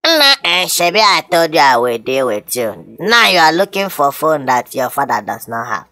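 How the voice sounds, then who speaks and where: A man's voice: a little high, big pitch swings, moderate pace, bright, forceful tone, no echo. A Nigerian man in a comedy skit, talking in a threatening, blustering way.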